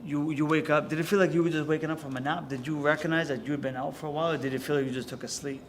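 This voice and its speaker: A man's voice: a little high, fairly even intonation, very fast, a little hiss or hum. Admiring middle-aged male podcast host. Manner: admiring, leading questions, backchannels often. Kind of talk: interview.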